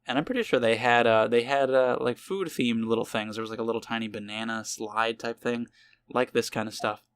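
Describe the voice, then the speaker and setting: A man's voice: mid-range voice, brisk, clean tone, no room sound. A man giving casual gameplay commentary with crude, joking asides. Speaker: let's player.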